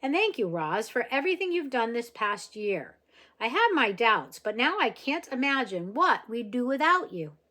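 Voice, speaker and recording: Woman voicing gruff kindly father, middle-aged, storybook reading. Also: on the high side, very animated, moderate pace, voice pushed up, full character voice. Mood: grateful. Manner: grumbling, then warm and joking.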